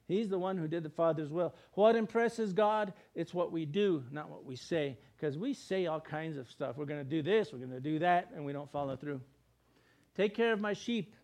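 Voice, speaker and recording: A man with a high-pitched voice preaching a sermon. He talks in a casual, emphatic way and often slips into quick acted voices for the people in his stories. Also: a little mellow. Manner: conversational, emphatic preaching with plain everyday words.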